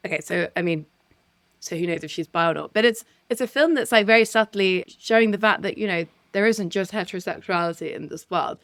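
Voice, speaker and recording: A woman with a somewhat low voice co-hosts a relaxed film chat. She speaks candidly and with enthusiasm, throwing in casual swearing. The recording is dry and close. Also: fairly quick, dry recording. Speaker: film podcast co-host.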